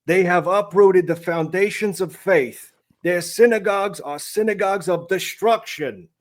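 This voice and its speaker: A man's voice: high voice, unhurried, pitched above the performer's own voice. A man doing a stern condemning rabbi.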